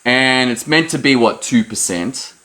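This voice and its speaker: A man giving a lively motivational talk to camera, leaping up in pitch to stress his points. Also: a little slow. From Australia. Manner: animated, jumps high in pitch for emphasis. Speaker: host.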